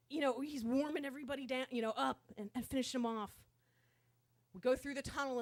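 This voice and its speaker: A woman telling a comic story on stage, animated and profane, swinging from hushed to loud. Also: high voice. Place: stage at a live show.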